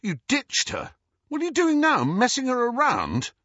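A man reading an angry, protective young man in an audiobook, voicing him loud, high and heated. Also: huge pitch swings, normal speed, no echo, exaggerated voice. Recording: dull, slightly muffled audio.

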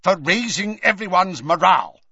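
Cold stiff official, clipped, lowish, dry muffled sound, as a male narrator reads him. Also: wildly swooping pitch, unhurried, a bit bright, husky, dry recording, full character voice. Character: cold, stiff middle-aged male minister.

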